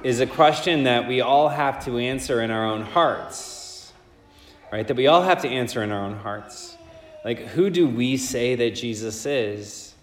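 A man reads the gospel aloud and then preaches a homily in a relaxed, chatty way with plenty of fillers. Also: mid-range voice, measured pace. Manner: casual, conversational preaching with many fillers. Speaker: priest. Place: church. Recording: echoey church with long reverb.

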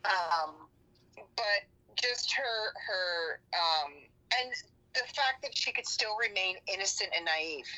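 A woman's voice: mid-range voice, expressive, slow pace, sharp tone. A woman podcaster and writer chatting casually as a guest, laughing often, heard over a phone line.

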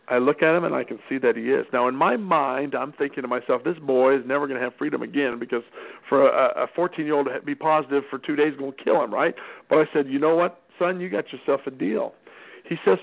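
Gravelly-voiced man telling a family story. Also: mid-range voice, fast talker. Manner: folksy, anecdotal, acts out dialogue. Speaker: parenting seminar speaker. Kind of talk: storytelling talk. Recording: tinny phone-like radio sound.

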